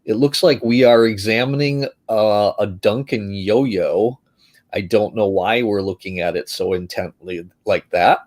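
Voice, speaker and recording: A man's voice: on the low side, unhurried, a little mellow. A man chatting on a video call, reminiscing with frequent laughter. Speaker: guest magician. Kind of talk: casual chat.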